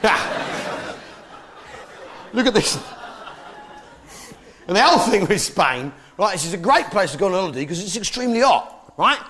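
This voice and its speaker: A man's voice: high voice, very animated, moderate pace, long pauses, pushed and bright. An English man doing live stand-up comedy in a brash, blustering way, full of tag questions. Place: theatre stage before a live audience. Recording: live show with crowd laughter and noise.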